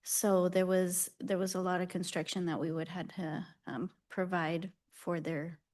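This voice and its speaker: A woman with a somewhat low voice explains at a public meeting. She halts and repeats words as she works through her point. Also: flat delivery, a little slow, a little mellow. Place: county meeting room.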